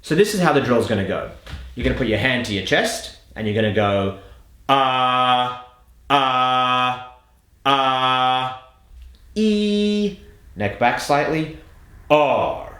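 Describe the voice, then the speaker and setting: Lively man coaching in an echoey room. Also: mid-range voice, a little fast. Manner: lively, emphatic teaching delivery. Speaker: accent coach. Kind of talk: instructional lesson.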